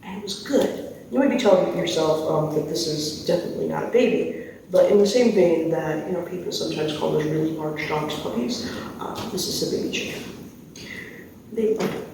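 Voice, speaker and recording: A man telling a playful story at camp in a casual, animated storytelling way, with asides to his listeners. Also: a little high, brisk, gravelly. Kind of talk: campfire storytelling. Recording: echoey, distant, faint background noise.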